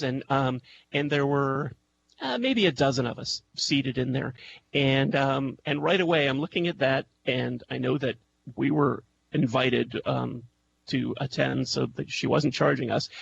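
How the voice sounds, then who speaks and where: A man's voice: medium pitch, normal speed, vocal fry. A man, a guest on a radio show, telling a personal story over an internet call, hesitant with many ums and restarts. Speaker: guest, music intuitive. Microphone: Skype call. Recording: dull lo-fi call line with faint noise.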